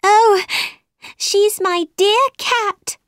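A woman reading aloud gives a full character voice to Alice, a polite, curious young girl, sounding earnest and eager. She pitches well above her own voice, going high with big pitch swings and a fairly bright tone, and takes it slowly. The recording is dry and studio-clean.

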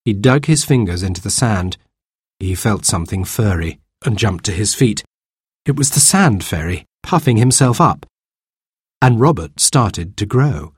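Man reading a storybook, lively pitch, husky, dry close sound. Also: moderate pace, dry recording. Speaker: narrator.

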